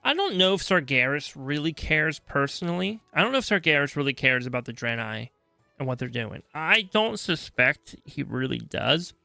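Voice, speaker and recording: A male podcast host talks through game lore in a loose, chatty style, often checking in with his listener. His voice is gravelly with fry and sits a little high for a man. The sound is dry and close to the mic. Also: sing-song, normal speed, pushed and bright, dry recording, soft background music. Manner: chatty, checks in with frequent "right?". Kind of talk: casual lore explainer.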